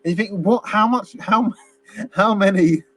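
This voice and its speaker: A man's voice: high-pitched, unhurried, fairly bright tone, dry recording. A man co-hosting a casual film review chat, rambling and laughing as he acts out quotes. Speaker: podcast co-host.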